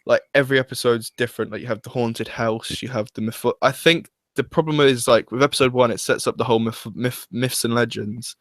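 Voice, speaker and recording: A man's voice: medium pitch, steady tone, a little fast, few pauses, fairly bright tone, dry recording. A young man chatting casually as a fan reviewer, hesitant and full of restarts and fillers. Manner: hesitant, restarts often, uses "like" a lot. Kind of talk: casual chat.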